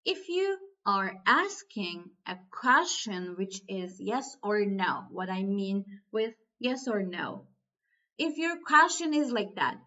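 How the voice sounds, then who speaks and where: A woman teaching a language lesson in a slow, deliberate way, repeating key points as she explains. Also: medium pitch, lively intonation, sharp tone, dull audio.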